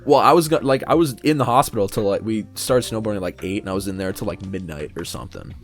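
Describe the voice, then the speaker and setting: Lively, cursing young man storyteller. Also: on the low side, quick pace, over music. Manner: animated, swears freely, acts out quotes. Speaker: podcast co-host. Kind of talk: casual storytelling chat.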